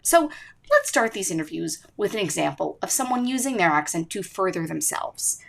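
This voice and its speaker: A teenage girl hosts her own student podcast, narrating with emphatic delivery that rises and falls. Her voice is lowish with vocal fry and big pitch swings, at normal speed.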